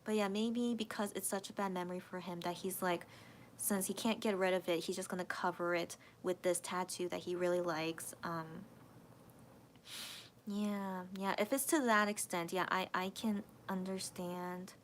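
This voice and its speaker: A woman's voice: fairly low pitch, level tone, normal speed, slight background noise. A woman hosting a casual late-night livestream, reading viewer comments and thinking aloud hesitantly with many restarts. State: emotional, voice cracking near tears.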